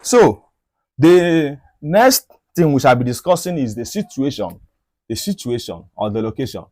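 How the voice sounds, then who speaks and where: A man's voice: medium pitch, big pitch swings, measured pace, darkish tone, no room sound, studio quality. A man teaching a medical anatomy lesson over diagrams. He often repeats key points and asks rhetorical questions. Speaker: medical educator.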